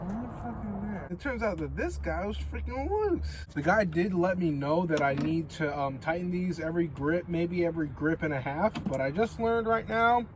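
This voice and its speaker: A man's voice: sits high, animated, moderate pace, few pauses. A man casually vlogging outdoors beside his truck, rambling with lots of fillers and swearing. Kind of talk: casual vlog talk. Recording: outdoor street noise with vehicles. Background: traffic and city ambience.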